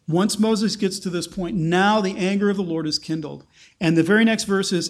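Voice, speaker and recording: Guy teaching a bible passage, loose and jokey, fixes himself mid sentence, pretty high voice. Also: measured pace. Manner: casual, joking, self-correcting.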